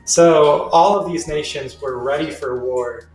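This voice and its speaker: A man's voice: a little high, unhurried, recorded from a distance, soft background music. A young man teaching a history lesson in a casual, slangy, chatty way. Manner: laid-back, slangy, chatty. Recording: roomy sound from away from the mic.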